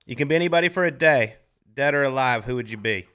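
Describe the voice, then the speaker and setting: A man co-hosting a casual chat who talks in a brisk, joking way. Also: mid-range voice, a bit bright, clean tone. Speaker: co-host.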